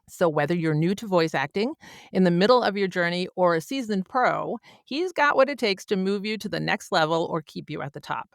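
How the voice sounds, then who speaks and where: A woman's voice: on the low side, vocal fry, no room sound, clean studio sound. A woman hosting a podcast interview, gushing and laughing often as she introduces and chats with a guest. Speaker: podcast host.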